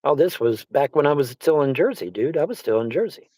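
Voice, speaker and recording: A man with a high voice talks in a rambling, casual way, circling back over the same phrases and swearing freely. The recording is dry and close. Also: expressive, a little fast, dark tone, no room sound, rough recording. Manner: rambling, repeats himself, swears often. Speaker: livestream host. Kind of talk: casual chat. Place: Arizona.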